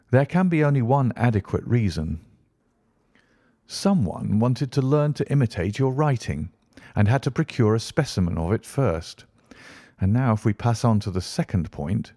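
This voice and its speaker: A man reading an audiobook voices a brisk, impatient male detective who lectures in a crisp manner. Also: lowish voice, big pitch swings, dark tone, no room sound, studio quality. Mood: lecturing.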